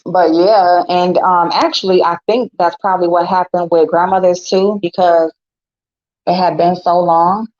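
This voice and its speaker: A woman's voice: lowish voice, steady tone, unhurried, a little mellow, no echo. A middle-aged woman hosting a casual chat with viewers, talking bluntly and swearing freely. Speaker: host. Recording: dull lo-fi sound.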